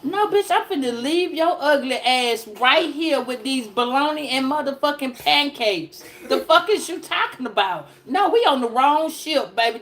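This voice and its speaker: A woman with a high-pitched voice talks through a tarot reading in loose, comedic chat. She rambles, swears constantly and jokes her way from one card to the next. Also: expressive, normal speed, a bit bright. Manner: profane, rambling, joking. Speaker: tarot reader.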